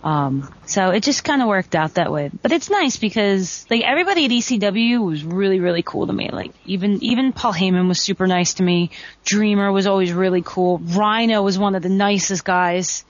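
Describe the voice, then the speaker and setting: A woman in her thirties, a wrestler, telling stories in a chatty, animated way as an interview guest. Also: medium pitch, fairly quick. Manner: chatty, animated, lots of "like" fillers. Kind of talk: casual storytelling over a call. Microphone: phone. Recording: dull lo-fi phone-line audio.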